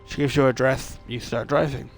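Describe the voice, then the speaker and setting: A man's voice: medium pitch, steady tone, fairly quick, vocal fry, soft background music. Casual man reading a game aloud. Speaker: streamer.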